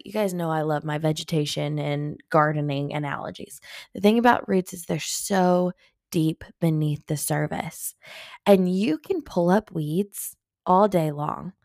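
A woman host, sharing an earnest personal faith reflection, animated and full of "like". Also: medium pitch, no echo, clean studio sound. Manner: earnest, animated, says "like" often. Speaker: podcast host.

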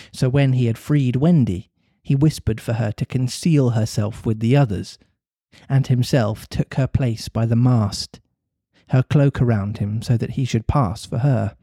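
A man reading a classic storybook aloud, measured and expressive, with a mid-pitched voice. The sound is dry and close, with no room echo. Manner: measured, expressive reading with occasional laughing asides. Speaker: reader of a classic novel on a podcast. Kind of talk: storybook narration.

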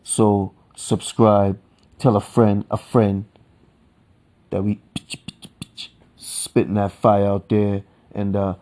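A lowish-voiced man talking alone on his podcast. He rants and swears freely, shifting from calm explaining into heated scolding of his listeners. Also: takes it slowly, pauses often. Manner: profane, ranting, swings from calm to heated. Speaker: podcast host. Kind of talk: solo podcast monologue.

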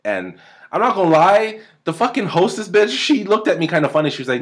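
A man's voice: medium pitch, big pitch swings, fast talker. A man, casually telling a rambling, profane story on his podcast at a home desk mic. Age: 30s. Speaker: podcast host. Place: home room. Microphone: desk mic at close range.

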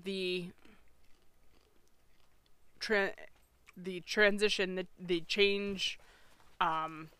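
Woman co-host, casual podcast chat, earnest with deadpan quips; bright, crisp, dry close mic. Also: fairly low pitch, extremely slow, pauses often, dry recording. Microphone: podcast microphone.

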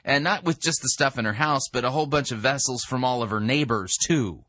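A man's voice: medium pitch, brisk, fairly bright tone, no room sound. A man reviewing a sermon with sarcastic, dismissive commentary.

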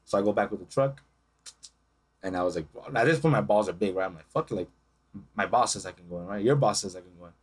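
Young man, podcast co-host, fast, animated, swears freely while he acts out the people in his story. Casual chat voice. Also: on the low side, breathy edge. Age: young adult. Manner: profane, animated storytelling with acted-out quotes.

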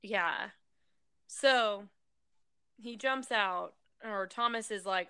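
A woman's voice: medium pitch, sharp tone, clean tone, no room sound. A woman casually recapping a film plot in a rambling way, with lots of fillers, and briefly acting out the characters' lines. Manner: rambling storytelling with many fillers; acts out characters' lines in quick voices. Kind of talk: casual chat.

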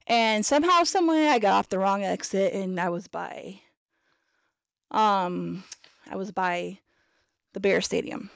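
A woman hosting a podcast, telling a story in a casual, animated way, acting out voices and laughing often. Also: mid-range voice, measured pace, creaky, pauses often, dry recording. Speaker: podcast host.

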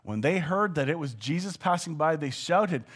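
A man preaching a sermon, moving between hushed asides and loud, acted-out shouts. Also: a little high, animated, moderate pace, husky.

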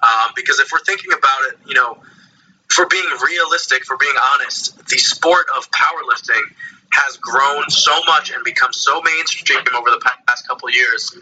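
Male podcast guest, very bright, forward tone with a husky edge, earnest and explanatory. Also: mid-range voice, moderate pace, low-quality recording. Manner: earnest, explaining at length with fillers. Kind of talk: casual podcast chat.

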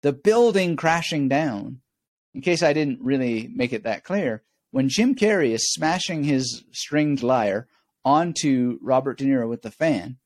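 A man's voice: mid-range voice, dry recording. A man guest on a podcast, explaining memory techniques and telling stories with a wry, self-amused manner. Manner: storytelling, wry, laughs at himself. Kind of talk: explanatory interview talk.

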